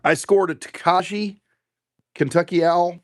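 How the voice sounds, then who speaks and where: A man's voice: sits high, a little slow. A man hosting a casual livestream, rambling and swearing as he tastes whiskey and answers viewers. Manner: profane, rambling, animated. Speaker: bourbon livestream host. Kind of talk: casual livestream chat, tasting and reading comments.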